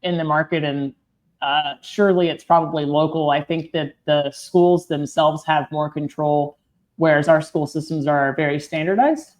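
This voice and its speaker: A woman with a low, deep voice co-hosts a relaxed podcast conversation. She talks freely, laughs easily and fills her pauses with "um" and "you know" as she works through her thoughts. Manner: chatty, laughs easily, thinks aloud with fillers. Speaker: podcast co-host. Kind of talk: casual chat.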